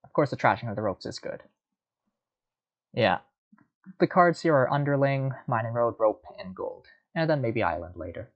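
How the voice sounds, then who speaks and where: A man's voice: medium pitch, lively intonation, moderate pace, pauses often, dull audio. A man giving casual, rambling commentary while playing a card game, muttering and mocking himself.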